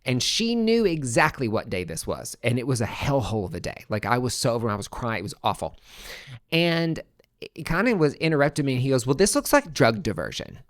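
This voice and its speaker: A young adult man, a podcast host, telling a personal story in a casual way, swearing freely and swinging between hushed and excited. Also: medium pitch, fairly quick, no room sound, studio quality.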